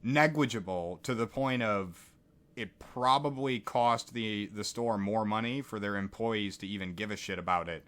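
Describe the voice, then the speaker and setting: A man co-hosting a casual podcast, speaking in a measured, trailing way, hedging his points as he goes. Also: on the low side, a bit bright. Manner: measured, trailing, hedging with "you know" and "or whatever". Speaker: podcast co-host. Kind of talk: casual political commentary chat.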